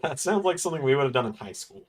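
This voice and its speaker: A man hosting a live watch-along, chatting casually at a middle pitch. He jokes around and drops swear words freely as he reacts. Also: expressive, rapid-fire. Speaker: livestream watch-along host.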